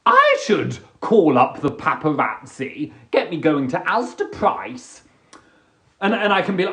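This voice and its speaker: A man's voice: fairly high pitch, wildly swooping pitch, a little slow, pushed and bright. A man hosting a live stream in casual chat, who repeats and restarts his words often. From England. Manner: chatty, stammering restarts, giggly.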